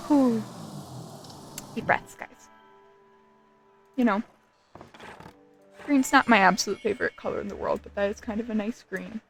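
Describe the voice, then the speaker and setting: Giddy young woman with vocal fry. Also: mid-range voice, brisk, pauses often, soft background music, low-quality recording. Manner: giddy, gushing, repeats herself. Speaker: gaming video creator. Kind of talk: excited casual gameplay commentary.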